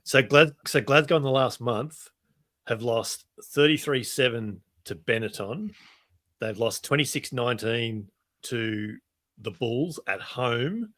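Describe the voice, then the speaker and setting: Bright-voiced man rattling through rugby results. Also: medium pitch, expressive, slow. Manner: chatty, runs through results, frequent restarts. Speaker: podcast co-host. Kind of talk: casual rugby chat.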